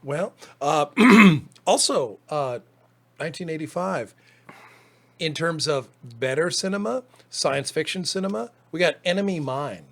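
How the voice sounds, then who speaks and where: High-voiced man, hesitant and dry. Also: animated, unhurried, gravelly. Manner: hesitant, dry, lots of fillers. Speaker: podcast co-host. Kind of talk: casual chat about movies.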